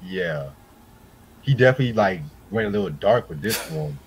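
Laid-back low-voiced man. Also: expressive, husky. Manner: laid-back, unhurried, swears casually. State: high. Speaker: podcast co-host reviewing an album. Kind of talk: casual chat.

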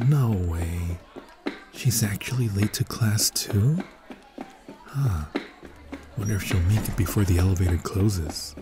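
A man's voice: deep voice, slow pace, pauses often, noisy background. A young man voicing a smug, teasing male college bully in a whispered role-play, muttering to himself. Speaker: ASMR roleplay voice actor.

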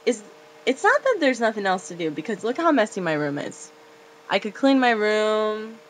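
A woman's voice: mid-range voice, fairly bright tone, slight background noise, rough recording. Profane, rambling teenage woman vlogging. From Florida. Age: late teens. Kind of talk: confessional casual rant. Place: her bedroom.

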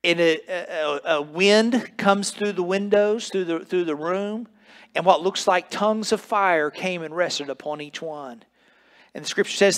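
A man's voice: sits high, measured pace, fairly bright tone. A man preaching a sermon as pastor in a church sanctuary, emphatic and building with repeated phrases, sometimes stumbling over his words.

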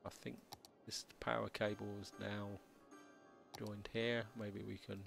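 A man with a low, gravelly, slightly croaky voice talks casually through a city-building game, stumbling and restarting his words as he goes. Faint game music plays softly behind him. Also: level tone. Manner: halting, stammers and restarts while building. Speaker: let's play host. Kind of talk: casual gameplay commentary.

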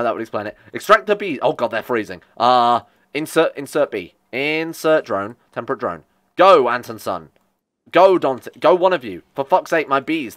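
A man's voice: mid-range voice, a bit bright. A man giving casual, joking commentary while he plays a video game, often annoyed and swearing. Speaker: gaming streamer.

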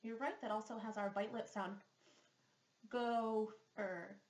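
A woman's voice: mid-range voice, fairly even intonation, takes it slowly. A woman speech therapist reading a picture book aloud to young children, asking them patient, sing-song questions as she goes. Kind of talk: slow read-aloud lesson with questions. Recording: echoey room.

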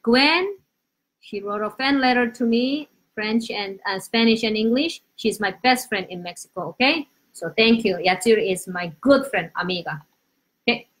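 A woman teaching Korean on a live lesson, animated, switching between Korean and English, with uneven English grammar. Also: a little high, moderate pace. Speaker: Korean language teacher, host. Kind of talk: live-stream language lesson.

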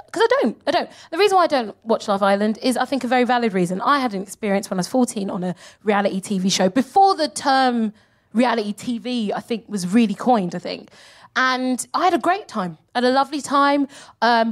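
A young woman performing a stand-up comedy set with lively, animated delivery and free swearing. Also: a little high. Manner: animated, swears freely, acts out mocking voices. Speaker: comedian co-host. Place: live venue with audience.

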